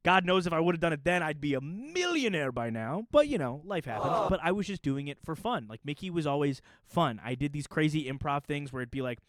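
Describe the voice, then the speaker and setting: A young man chatting straight to camera in a lively, joking storytelling mood, his voice a little higher than most and bouncing around a lot. The sound is close and dry, with no room around it. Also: fairly quick, few pauses, dry recording. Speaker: puppeteer and YouTuber. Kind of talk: casual chat to camera.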